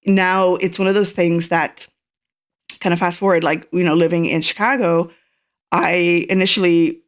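Rambling storyteller with faint Irish lilt. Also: female voice, fairly low pitch, steady tone, normal speed. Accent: Irish, faded. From Ireland. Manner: rambling storyteller, frequent fillers, acts out quoted lines. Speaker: guest. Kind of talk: casual interview.

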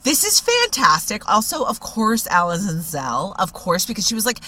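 A woman co-hosting a podcast who jumps in eagerly with lively remarks in a casual chat. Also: mid-range voice, normal speed. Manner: animated, eager interjections. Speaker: podcast co-host.

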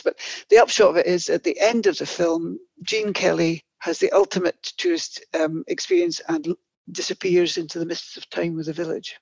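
A woman historian with a Scottish accent, telling stories in an expressive, chatty way as an interview guest. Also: on the low side, moderate pace, vocal fry, breathy edge, no room sound. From Scotland. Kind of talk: animated storytelling interview answers. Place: office in Orkney. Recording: dull, dry lo-fi audio.

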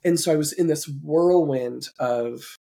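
A woman's voice: sits low, unhurried, creaky, husky. A woman podcast host being interviewed, earnestly and reflectively recounting a personal story. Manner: earnest, reflective, occasional soft laughs.

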